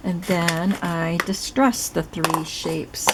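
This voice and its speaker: A woman with a lowish, gravelly voice talks through a craft project in a relaxed, chatty way, explaining each step as she goes. The recording carries clear background noise and clicks. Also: takes it slowly. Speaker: craft channel host. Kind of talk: casual crafting demonstration.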